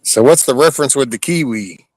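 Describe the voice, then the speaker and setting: A man's voice: mid-range voice, fairly quick, darkish tone, no echo. A male livestream host chatting casually, reading chat comments aloud and teasing his guest.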